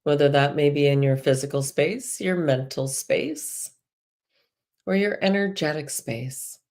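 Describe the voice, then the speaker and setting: A woman, a spiritual healer hosting a live show, leads a guided meditation in a slow, soothing voice with a slight Irish lilt. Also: deep voice, a little mellow.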